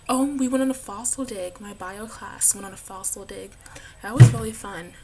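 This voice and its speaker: A woman's voice: fairly high pitch, fairly even intonation, normal speed, dark tone, a little hiss or hum. A young woman in college chatting casually in a vlog, bubbly and giggly, with lots of "like" in her talk. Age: young adult. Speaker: college student vlogger.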